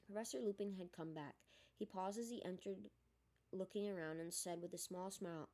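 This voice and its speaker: A woman reading a novel aloud in a steady storytelling manner. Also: medium pitch, normal speed. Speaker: audiobook reader. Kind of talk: storybook narration.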